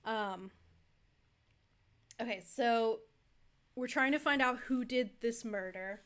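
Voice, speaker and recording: A woman's voice: on the high side, slow, a bit bright. A young adult woman streaming a game, chatting casually and rambling, thanking viewers effusively. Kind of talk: casual live-stream chat.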